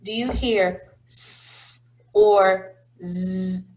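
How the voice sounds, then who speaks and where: A woman's voice: mid-range voice, steady tone, extremely slow, a little mellow. A woman teaching a phonics lesson to young children, patient and encouraging, drawing out each word.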